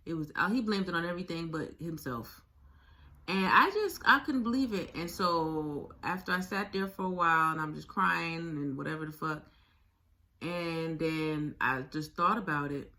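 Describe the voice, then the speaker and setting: A woman telling her own story to her viewers, speaking frankly with swearing, halting often and repeating her phrases. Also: deep voice, pushed and bright. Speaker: video blogger sharing a survivor story. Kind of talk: candid personal storytelling.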